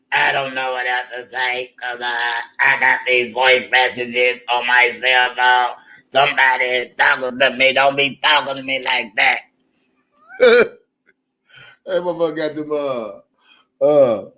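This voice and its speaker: A man hosting a livestream, ranting in an animated, profane way and laughing often. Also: mid-range voice, takes it slowly, pauses often. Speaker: livestream host. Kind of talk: unscripted livestream rant.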